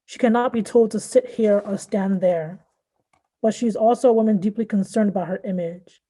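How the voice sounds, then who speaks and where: Mellow-voiced woman reading her fiction. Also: mid-range voice. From born in Nigeria, raised in Southern California. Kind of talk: literary reading.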